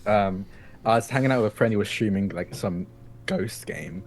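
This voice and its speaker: A man's voice: on the low side, moderate pace, slight background noise. A man playing in a tabletop game, telling a rambling story with many fillers and restarts. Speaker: player. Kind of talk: casual storytelling.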